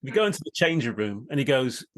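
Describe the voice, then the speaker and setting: A man hosting an interview, swapping lively anecdotes with his guest and laughing often. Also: mid-range voice, quick pace. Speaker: interviewer, host. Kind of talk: casual conversational storytelling.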